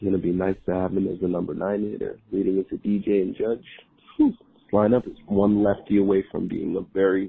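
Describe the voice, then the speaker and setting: Man leaving a voicemail, very deep gravelly voice, raspy, tinny phone line. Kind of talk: recorded voicemail.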